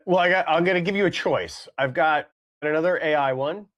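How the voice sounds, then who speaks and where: A man's voice: on the high side, brisk, fairly bright tone, dull audio. A man co-hosting a casual comedy podcast, rambling along with hedges, fillers and repeated phrases. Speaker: podcast co-host.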